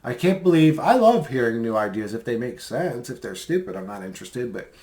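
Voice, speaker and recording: A man's voice: mid-range voice, big pitch swings, a little fast, a little mellow. A man in a casual commentary vlog, rambling and mocking, with many fillers as he replies to comments. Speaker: video creator replying to comments.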